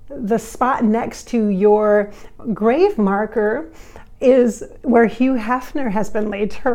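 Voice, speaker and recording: A woman's voice: fairly high pitch, dark tone. Effusive, giggly woman channeler. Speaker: channeler and vlog host. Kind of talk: casual spiritual vlog talk.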